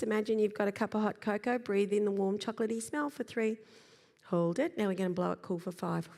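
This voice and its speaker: A middle-aged woman with a mid-range voice speaks calmly and gently to a live audience. She pauses to demonstrate slow breaths and sighs aloud. Her voice carries the long reverb of a large hall. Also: mid-range voice. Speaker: parenting speaker.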